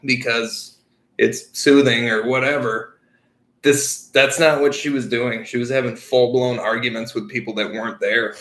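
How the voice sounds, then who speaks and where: A young man co-hosting a podcast, telling stories in a profane, animated way. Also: medium pitch, measured pace, roomy sound. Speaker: podcast co-host. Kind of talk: casual chat.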